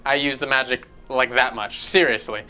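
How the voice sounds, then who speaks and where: A man's voice: medium pitch, steady tone, moderate pace, bright, forceful tone, smooth, soft background music. A man casually reviewing a video game, rambling, swearing and jumping between points.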